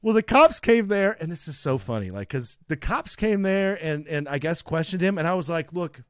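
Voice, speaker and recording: 30s guy rambling through a story on a podcast, laughs a lot, bit high voice. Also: very animated, normal speed, smooth, no echo, studio quality. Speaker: podcast co-host. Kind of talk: casual chat.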